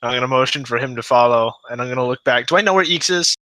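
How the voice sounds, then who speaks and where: Bright-voiced man playing a tabletop game. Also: mid-range voice, quick pace, rough recording. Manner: describes actions step by step. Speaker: player. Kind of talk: casual tabletop play.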